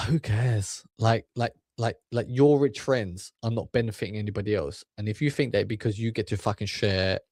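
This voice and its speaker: A man's voice: fairly low pitch, fairly even intonation, normal speed, few pauses, a little mellow, no echo, clean studio sound. A man ranting in crude, swear-filled commentary, stacking up filler words as he goes. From England. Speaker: commentary channel host.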